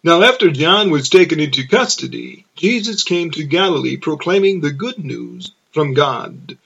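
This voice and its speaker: A man narrates scripture in a slow, measured reading. His voice is a little high and has a gravelly texture. It is heard on a dull, lo-fi recording. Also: lively intonation, bright, forceful tone. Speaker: scripture reader.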